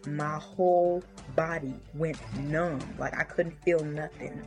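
Female testimony voice, low and insistent, music clearly under. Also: steady tone, slow, a little mellow. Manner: urgent, insistent. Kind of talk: personal testimony, warning.

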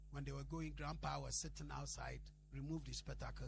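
A man's voice: medium pitch, steady tone, a little fast, vocal fry, few pauses, slight background noise. A male pastor, preaching a sermon and telling a story, switching between Twi and English and building to emphatic peaks.

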